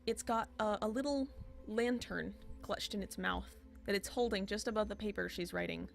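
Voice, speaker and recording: A woman narrating a tabletop game as game master, halting with fillers and restarts. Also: medium pitch, steady tone, vocal fry, faint music behind.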